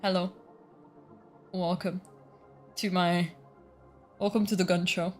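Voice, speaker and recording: A woman streamer chatting casually with her viewers, talkative, swearing freely and reacting loudly. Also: mid-range voice, very animated, moderate pace, long pauses, faint music behind. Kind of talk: casual live-stream chat.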